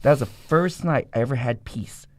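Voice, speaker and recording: A man's voice: medium pitch, dry recording. A man, a former gang member, giving a blunt and profane personal testimony in a conversation. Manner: blunt, profane, rapid storytelling.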